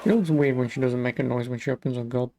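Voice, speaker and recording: A man's voice: medium pitch, steady tone, quick pace, warm tone, slight background noise. A man with a Scottish accent, chatting casually and rambling while streaming a game. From Scotland. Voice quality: rambling, sweary. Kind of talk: casual gameplay commentary.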